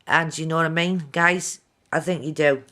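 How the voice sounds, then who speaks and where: A woman's voice: deep voice, steady tone, normal speed, bright, forceful tone. A middle-aged woman, talking heartfelt and direct to her viewers in a video diary. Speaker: vlogger.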